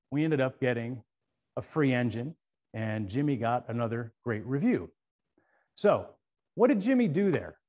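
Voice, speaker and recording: A middle-aged man giving a conference talk built around a story. His voice sits at an ordinary middle pitch, and he tells it with animation, stumbling over repeated words when he gets excited. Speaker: conference speaker.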